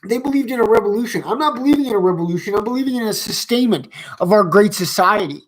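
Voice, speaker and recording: A man's voice: high voice, animated, quick pace, poor audio. A man delivering a profane, rambling rant in reaction to comments, heated and mocking, with constant fillers and restarts. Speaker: commentary vlogger.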